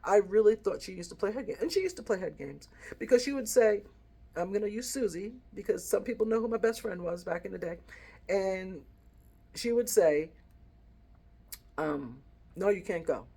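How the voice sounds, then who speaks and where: A woman's voice: mid-range voice, expressive, normal speed, creaky, dark tone, slightly rough. A middle-aged woman vlogging with earnest, reflective feeling as she tells a personal story. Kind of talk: heartfelt personal vlog.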